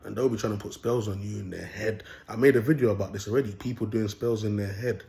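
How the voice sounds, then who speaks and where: A man's voice: lowish voice, fairly even intonation, fast talker, gravelly, dark tone. Rambling young man vlogging. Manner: rambling, boastful, slangy, repeats himself. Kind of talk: casual monologue to camera.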